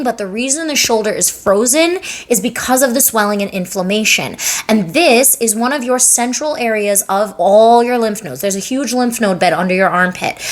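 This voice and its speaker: A woman's voice: on the high side, fairly bright tone. A young adult woman giving a casual, chatty lesson as a massage therapist, demonstrating and talking with lots of fillers. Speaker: lymphatic drainage massage therapist. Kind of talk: casual educational explainer.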